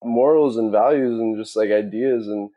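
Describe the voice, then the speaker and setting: A man's voice: on the low side, moderate pace, warm tone. A young man from Queens, New York, chatting casually on a podcast and filling his speech with "like". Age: young adult. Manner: chatty, heavy on fillers like "like", laughs easily.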